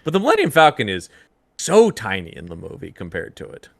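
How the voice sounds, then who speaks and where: A man co-hosting a podcast, chatting casually about comics and now and then jumping into loud mock voices. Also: medium pitch, huge pitch swings, fairly quick, vocal fry, no room sound, studio quality. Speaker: podcast co-host. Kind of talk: casual comic-book discussion.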